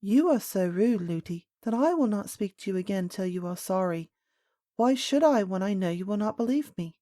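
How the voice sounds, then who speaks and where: Woman doing a calm little princess girl. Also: medium pitch, moderate pace, no echo, clean studio sound, lightly acted. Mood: calm dignified. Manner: quiet, composed, dignified.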